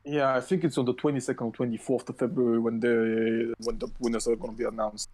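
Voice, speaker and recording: A man's voice: medium pitch, little pitch movement, fast talker, a little mellow, low-quality recording. A man co-hosting a podcast in casual chat, rambling and swearing often, with many fillers and restarts. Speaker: podcast co-host.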